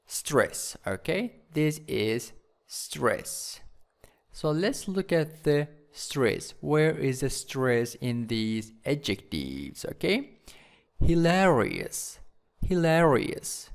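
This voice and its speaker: A man teaching English vocabulary to schoolchildren, repeating each word slowly so learners can follow. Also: a little high.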